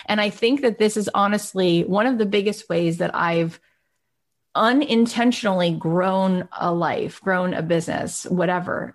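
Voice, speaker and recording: A woman in her thirties speaks to a live online class in a chatty, eager way, full of fillers and asides. Her voice sits mid-range and sounds plain and close. She jumps higher when she acts out what friends said. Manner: warm, enthusiastic, chatty with many fillers. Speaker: podcast host and coach. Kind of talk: live online workshop talk.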